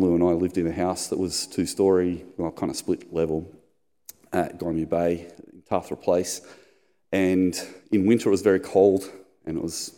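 Male pastor, middle-aged, low mellow voice, storyteller, church hall reverb. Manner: storytelling, acts out squeaky high voices in anecdotes. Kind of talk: sermon.

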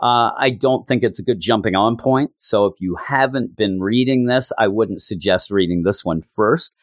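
A man's voice: fairly low pitch, normal speed, no room sound, clean studio sound. A man hosting a podcast, chatting casually through a comic review in a rambling, self-mocking way.

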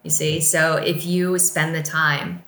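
A woman's voice: low voice, little pitch movement, slow, pushed and bright, echoey room. A woman co-hosting a casual business podcast, speaking earnestly and with emphasis about client care. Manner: earnest, emphatic, lightly laughing. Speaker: podcast co-host and business team member.

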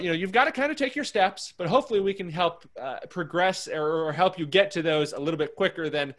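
A man's voice: high-pitched, quick pace, few pauses, a bit bright. A man co-hosting a podcast, talking in an earnest, preachy way and repeating his points. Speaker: podcast co-host. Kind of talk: casual podcast chat.

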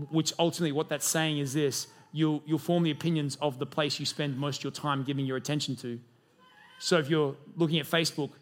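A young man preaching a sermon as pastor, animated, often acting out quick voices in his stories. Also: fairly high pitch. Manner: animated, acts out voices in quotes.

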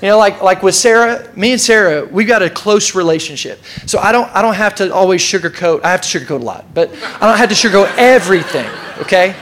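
A man preaching a casual, energetic sermon, repeating key lines and calling on the congregation to answer. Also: sits high, fast talker, hardly any pauses, slight background noise. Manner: casual, energetic preaching with repetition and audience call-outs. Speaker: pastor.

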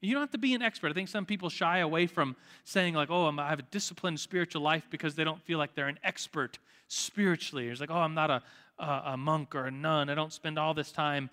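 A young church teacher with a high, bright voice leads a group study, giving an informal sermon with table discussion. He speaks quickly in a loose, lively, chatty way, often correcting himself and leaning on fillers, his voice echoing through a big hall of listeners seated at tables.

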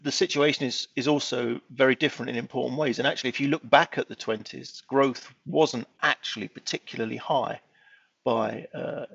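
Gravelly man, rambling panel talk. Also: medium pitch, a bit bright, no room sound, highs cut off. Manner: rambling with restarts. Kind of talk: panel discussion on investing.

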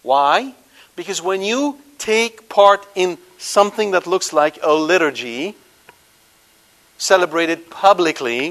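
A man preaching to a live congregation, animated, questioning the audience and swinging between loud emphasis and quiet asides. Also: high voice, slow. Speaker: Catholic preacher.

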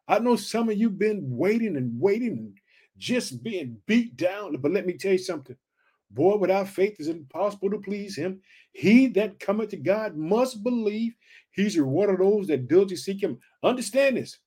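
Pumped-up preaching man, high voice. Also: moderate pace, breathy edge. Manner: excited, repetitive call-outs to listeners. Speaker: podcast host and preacher. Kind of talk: energetic motivational sermon.

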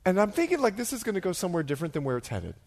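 A middle-aged male pastor preaching a sermon as an animated storyteller, dropping to a hush and then rising to loud, excited bursts. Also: sits high, rapid-fire. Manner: animated storyteller, swings from hushed to shouting.

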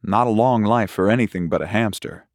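A man reading a horror short story aloud in a measured, unhurried way. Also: fairly low pitch, no room sound, clean studio sound. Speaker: narrator. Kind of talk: scripted horror story narration.

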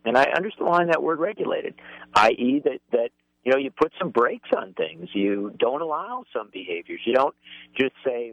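A man's voice: medium pitch, sing-song, normal speed, vocal fry, no room sound. A man appearing as a political commentator on talk radio, making emphatic points with rising stress. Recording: phone line.

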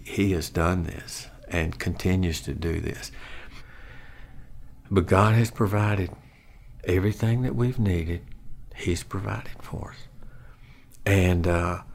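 An older man who works at a funeral home, giving an earnest, reflective personal faith testimony that grows quiet and soft-spoken. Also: deep voice, creaky.

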